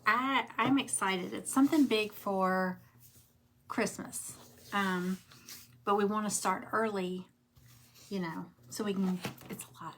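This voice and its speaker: A middle-aged woman with a Southern drawl chats at a relaxed, slow pace while working on a craft project. She rambles between thoughts and greets viewers by name, with a faint hiss in the background. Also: mid-range voice. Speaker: craft livestream host. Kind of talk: casual livestream chat while crafting.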